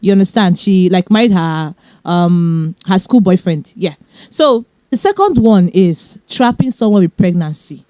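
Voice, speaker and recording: A young woman with a Nigerian accent talks fast and chattily, handing out relationship advice with little laughing asides. Her voice is mellow and warm. The recording is dry and close. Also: lowish voice, animated, no room sound. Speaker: podcast host. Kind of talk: casual advice talk.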